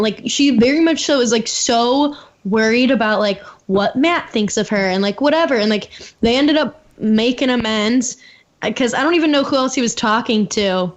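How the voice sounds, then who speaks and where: Chatty young woman, slightly high voice. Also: moderate pace. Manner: chatty, peppered with "like". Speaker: podcast co-host. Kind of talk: casual chat recapping a reality show. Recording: dull lo-fi audio.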